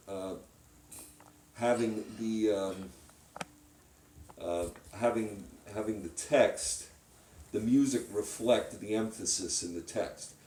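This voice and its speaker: A man's voice: on the low side, mellow, slight background noise. A man giving a one-on-one music lesson, talking hesitantly with many fillers and restarts. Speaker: composition teacher. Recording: roomy sound from a distance. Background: piano playing.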